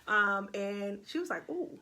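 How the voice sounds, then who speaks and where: Bright-voiced expressive woman astrologer. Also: medium pitch, normal speed. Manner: expressive, laughs often, gets emotional. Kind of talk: casual chat on a live video.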